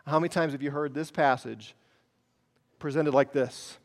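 A male pastor preaching a sermon, telling a story dramatically, swinging from loud to hushed. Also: a little high, normal speed.

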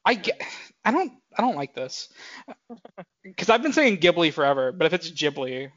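This podcast co-host, a man in his twenties, has a high-pitched, sing-song voice with a fairly bright tone and speaks at a normal speed. He rambles through casual chat, full of fillers and corrections of himself, on dull, dry podcast mic audio.

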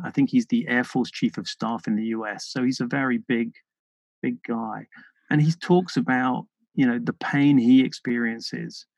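A British man talking in a reflective interview, his voice gravelly with a touch of fry. He is earnest and thoughtful, stopping and restarting as he works through his ideas. The sound is close and dry, with no room around it. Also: mid-range voice, no echo, poor audio. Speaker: podcast guest.

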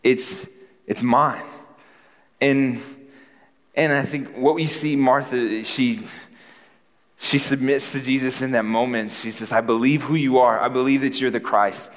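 A man preaching a sermon in an earnest, reflective way, pausing with frequent ums and restarting his sentences. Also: mid-range voice, in a large hall.

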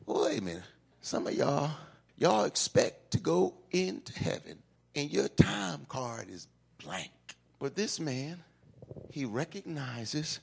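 Fiery high-voiced preacher with gravel. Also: male voice, very animated, takes it slowly. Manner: swings from shouting to hushed asides, repeats lines. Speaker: pastor. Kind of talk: call-and-response sermon.

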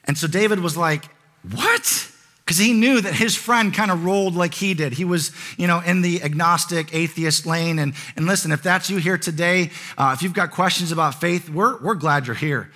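A man's voice: fairly high pitch, moderate pace, few pauses, bright, forceful tone. A man preaching a sermon as pastor, conversational in tone and building to emphatic repeated lines.

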